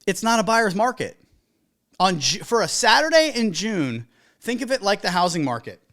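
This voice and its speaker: Animated wedding DJ hosting a podcast. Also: medium pitch, moderate pace. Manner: animated storyteller, acts out quoted people. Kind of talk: casual podcast monologue giving business advice.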